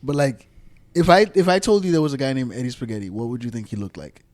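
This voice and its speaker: A man's voice: medium pitch, fast, a little mellow. Rambling New man on a podcast. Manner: rambling, lots of "like" and restarts. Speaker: podcast co-host. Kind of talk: casual podcast chat.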